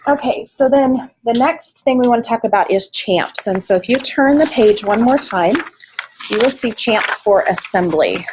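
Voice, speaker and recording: A woman's voice: on the high side, lively intonation, moderate pace, a little mellow, a little hiss or hum, poor audio. A woman coordinating volunteers, giving a practical training talk with frequent fillers, speaking to a room and an online meeting. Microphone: online meeting mic, at varying distance.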